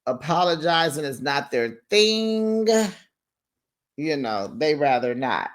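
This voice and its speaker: A man hosting a reality TV recap in a sassy, animated gossip style, calling people baby and honey. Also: on the high side, slow. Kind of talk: casual recap commentary.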